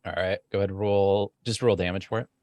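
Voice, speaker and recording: A man narrating as game master in a tabletop game, relaxed with frequent fillers. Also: on the low side, fast, lo-fi sound, background noise.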